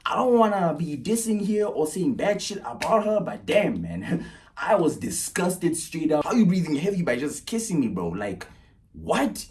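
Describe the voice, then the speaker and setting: A young man recounts a story in a loose, casual vlog. He talks with animation, jumping from loud, excited bursts down to low, muttered asides. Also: normal speed, a little hiss or hum.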